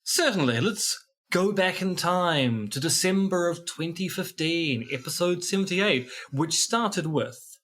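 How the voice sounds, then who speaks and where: A man's voice: high voice, animated, measured pace, fairly bright tone. A man in his thirties with a New Zealand accent, co-hosting a casual podcast chat with playful, goofy asides. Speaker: podcast co-host.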